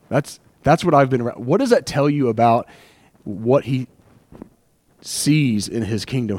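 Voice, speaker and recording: A man's voice: medium pitch, darkish tone. A man preaching a sermon as pastor, conversational and emotional, with asides and acted-out quotes.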